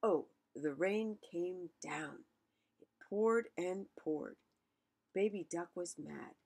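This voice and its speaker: Husky, gravelly woman reading a picture book. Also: fairly low pitch, takes it slowly, darkish tone. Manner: chatty, musing asides. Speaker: storyteller.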